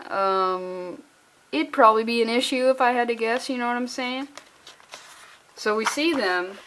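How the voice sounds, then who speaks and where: A young woman rambles through a comic book review in a casual vlog. She is sarcastic and swears freely. Her voice sits a little high for a woman. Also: fairly bright tone.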